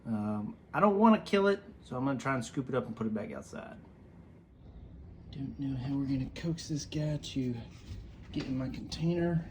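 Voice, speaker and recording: A man's voice: mid-range voice, expressive, normal speed, pauses often, background noise. A man hosting his first casual solo podcast, chatty and self-deprecating, rambling as he goes. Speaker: podcast host.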